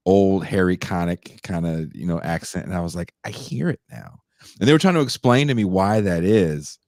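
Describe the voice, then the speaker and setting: A man hosting a casual chat, animated and quick to slip into mocking voices. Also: low-pitched, no echo, studio quality. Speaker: podcast host.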